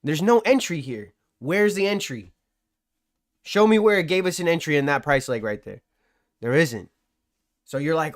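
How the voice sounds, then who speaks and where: A man hosts a live trading stream, talking through the charts while ribbing his chat with slangy, boastful banter. His voice sits on the higher side for a man. The sound is dry and close, with no room echo. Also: animated, moderate pace. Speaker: livestream trading host.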